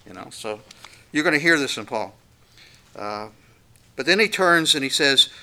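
A man's voice: medium pitch, expressive, normal speed, pauses often, pushed and bright. A man preaching an expository sermon, earnest and emphatic, breaking up his points with fillers and restarts. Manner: earnest, emphatic, acts out quoted voices. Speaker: pastor.

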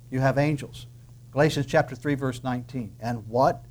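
A man preaching a sermon emphatically, asking rhetorical questions and dropping into soft asides. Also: mid-range voice, moderate pace. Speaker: pastor.

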